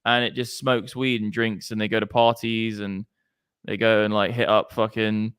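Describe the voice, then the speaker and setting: Brief: male streamer, casual slangy chat, smooth clear voice. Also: medium pitch. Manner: chatty, slangy, swearing. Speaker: crypto stream host.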